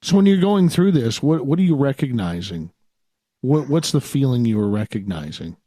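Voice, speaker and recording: A man hosting a radio show, asking a guest slow, halting questions. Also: medium pitch, lively intonation, warm tone, no echo. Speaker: radio host. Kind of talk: interview question.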